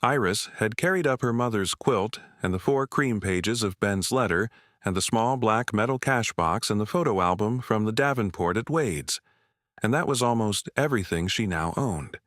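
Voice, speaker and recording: Male storyteller, low and measured, dry close read. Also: expressive, fairly bright tone, no echo. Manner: slow and measured. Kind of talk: scripted story narration.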